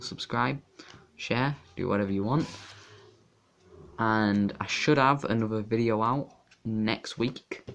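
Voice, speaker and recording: A young man casually talking through a card game deck, rambling and halting with fillers and restarts. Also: on the low side, gravelly, dull audio. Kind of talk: casual deck profile talk.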